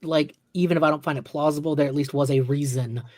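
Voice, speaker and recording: Blunt, slightly high-voiced man in casual chat. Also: fairly even intonation, quick pace, darkish tone, no room sound, studio quality. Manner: opinionated, blunt, swears casually. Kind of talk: casual book club chat.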